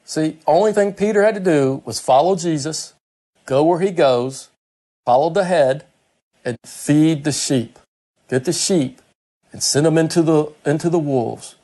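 A man preaching a sermon, reading scripture verse by verse and explaining it in his own words, slowing down for quoted lines and speeding up when he acts out a character. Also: mellow. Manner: slows right down for quoted words, speeds up and climbs in pitch when acting out Peter.

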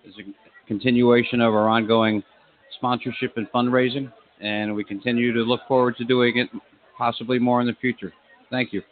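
A man's voice: mid-range voice, level tone, moderate pace, slight background noise. Man giving a formal check presentation. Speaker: association representative. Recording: tinny phone-like audio.

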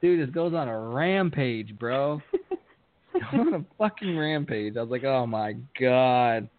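A man co-hosts a podcast in casual chat, telling stories in a lively, swinging voice. He swears a lot and acts out quotes loudly. The audio is thin and phone-like. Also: a little high, slow pace. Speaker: podcast co-host. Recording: tinny phone-like sound.

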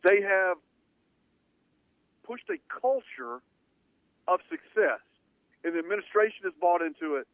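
A sports talk radio host, a man with a slightly raised pitch, drives his points home in an emphatic, punchy way. The sound is thin and narrow like a phone line, with no room around it. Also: expressive, a little slow, pauses often, dry recording. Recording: narrow phone-like band, dry.

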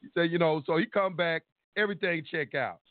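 A man with a high voice tells a long, lively story on a call-in show. He voices the other people's lines himself and swears freely. The sound is tinny and dry, like a phone line. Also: a little fast, dry recording. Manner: animated storytelling, acting out quotes, swearing. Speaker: caller.

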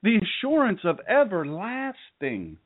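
Folksy joking pastor on a tinny line. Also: male voice, high voice, wildly swooping pitch, a little slow. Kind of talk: sermon. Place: church with a live audience.

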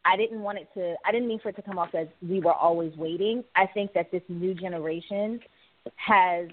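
A woman's voice: on the low side, brisk. Woman on a panel agreeing and wrapping up her point, phone-line tinny sound. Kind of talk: panel discussion. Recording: phone-like audio.

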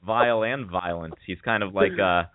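A man's voice: deep voice, normal speed, dry recording. A man co-hosting a radio comedy show, tossing out dry wry asides and laughing often. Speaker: radio co-host. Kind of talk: casual comedy banter. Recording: dry tinny phone-like sound.

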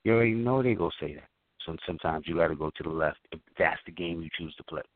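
A man's voice: low-pitched, fast talker, dry recording. A middle-aged man co-hosting a casual podcast, speaking loosely in with slang and profanity. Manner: loose, profane, talks in slang with many fillers. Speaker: podcast co-host. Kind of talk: casual chat. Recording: dry, phone-like lo-fi sound.

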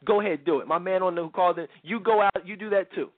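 A man's voice: sits high, fast talker, no room sound. A male radio talk show host delivering a blunt, slangy, opinionated monologue straight at his listeners. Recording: narrow phone-like radio sound.

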